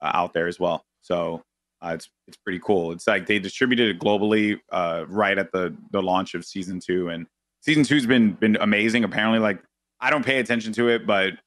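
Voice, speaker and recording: Man, New York accent, casual podcast chat, bright forceful tone, low-pitched, dry close sound. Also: fairly quick, dry recording. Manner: animated storyteller, jumps high when quoting people. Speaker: guest, esports and TV commentator.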